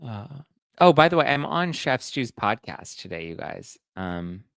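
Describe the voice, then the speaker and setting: Guy doing a gossip podcast, lowish gravelly voice, super dry close sound, chatty. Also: very animated, measured pace, fairly bright tone, dry recording. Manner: chatty, reads audience comments aloud. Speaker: podcast host. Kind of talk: casual pop-culture gossip chat.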